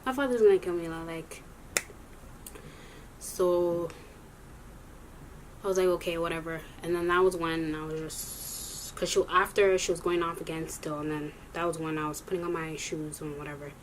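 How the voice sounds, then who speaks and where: A young woman tells a story in a loose, rambling way, often stopping to correct herself. Her voice sits a little low for a woman. A faint hiss runs underneath. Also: unhurried, long pauses. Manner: rambling, animated, self-correcting. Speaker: vlogger. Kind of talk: casual storytime vlog.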